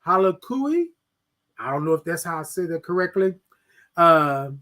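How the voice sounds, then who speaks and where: A man's voice: sits high, fairly bright tone. A man hosting a motivational morning livestream, preaching to his viewers as y'all and repeating his phrases. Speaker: host.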